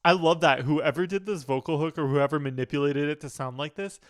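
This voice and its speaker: A man's voice: fairly high pitch, fairly even intonation, a little fast. A man, a music producer, giving casual, enthusiastic reaction commentary and humming the sounds he hears. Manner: enthusiastic, often hums and vocalizes sounds to explain them. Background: faint music playing.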